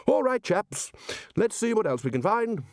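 A man's voice: high-pitched, sing-song, normal speed, no room sound, studio quality, voice pushed up. A man voicing a bluff, commanding older male wizard who lords it over his colleagues. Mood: blustering. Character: loud blustering older male wizard head.

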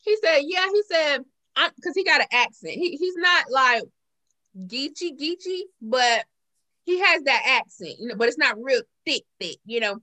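Animated high-pitched woman. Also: normal speed, low-quality recording. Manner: animated storyteller, acts out quoted dialogue. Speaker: co-host. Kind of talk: casual chat.

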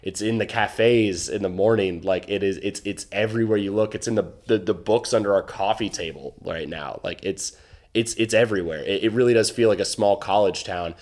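A young American man hosting a podcast, chatting excitedly and rambling with many restarts. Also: on the low side, brisk. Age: young adult. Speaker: podcast host. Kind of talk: casual chat.

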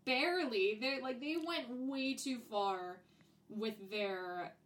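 A woman's voice: fairly high pitch, slow. A young woman hosting a podcast, chatting casually, laughing often and swearing freely. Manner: giggly, profane, animated. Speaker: podcast host.

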